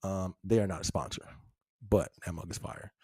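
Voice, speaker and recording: A man's voice: deep voice, steady tone, moderate pace, darkish tone, slightly rough, no room sound, clean studio sound. A young man hosting a live podcast, chatting casually in slangy, loose talk and laughing often. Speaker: podcast host. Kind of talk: casual live-stream chat.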